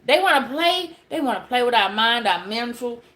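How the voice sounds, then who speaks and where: A woman's voice: a little high, expressive, moderate pace, sharp tone, echoey room. A woman giving a casual spiritual message to a live chat, emphatic and preachy, repeating her phrases and talking straight to her viewers.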